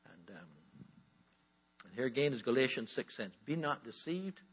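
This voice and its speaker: A man preaching a sermon as a pastor, emphatic, drawing out key words and rising into animated bursts. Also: mid-range voice, moderate pace, slightly rough. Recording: dull lo-fi recording.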